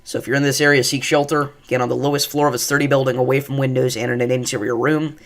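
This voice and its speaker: A man with a gravelly, creaky voice hosts a live weather stream. He talks casually with plenty of fillers and gets excited over tornado footage. Again and again he breaks in to urge viewers to take shelter. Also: mid-range voice, quick pace. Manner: excited, repeats safety warnings. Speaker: livestream weather host. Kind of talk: live severe weather commentary.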